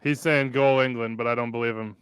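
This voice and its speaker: Crisp, dry-voiced male watch-along host. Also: mid-range voice, steady tone, brisk, fairly bright tone, dry recording. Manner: calls the play and reads out the chat. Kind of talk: live watch-along commentary.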